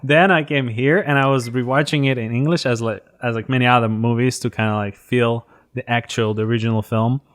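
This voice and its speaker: A man from Russia with a Russian accent hosting a casual interview, speaking haltingly with frequent restarts. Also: medium pitch, fairly even intonation. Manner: halting, with many restarts and fillers. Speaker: interview host.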